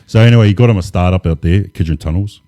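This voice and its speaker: A man, relaxed and laid-back, telling stories as an interview guest with lots of casual fillers. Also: low voice, fast talker, no echo. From New Zealand. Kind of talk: casual storytelling.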